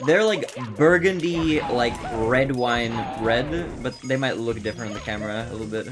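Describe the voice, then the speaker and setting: A man streaming a speedrun and chatting casually with viewers, an animated storyteller who laughs often. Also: medium pitch, moderate pace. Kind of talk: casual livestream chat while speedrunning. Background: game music.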